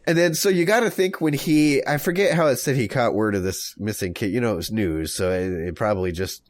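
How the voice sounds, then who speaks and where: A man co-hosting a casual comedy podcast, telling a story in a rambling, jokey way and acting out people in quick voices. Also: mid-range voice, no echo.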